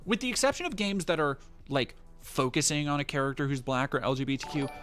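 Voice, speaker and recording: Animated sarcastic male streamer. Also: fairly high pitch, fairly quick, hardly any pauses, faint music behind. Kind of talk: live-stream commentary.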